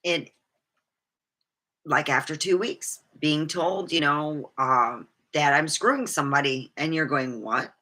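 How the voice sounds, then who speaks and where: A woman's voice: deep voice, takes it slowly, bright, forceful tone. A middle-aged woman vlogging candidly about her life, rambling and swearing freely. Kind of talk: personal storytelling monologue.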